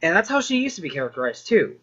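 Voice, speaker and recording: A man's voice: high voice, big pitch swings, rapid-fire, pushed and bright, slightly rough, lo-fi sound. A man casually rambling about a video game he loves, full of fillers, restarts and swearing.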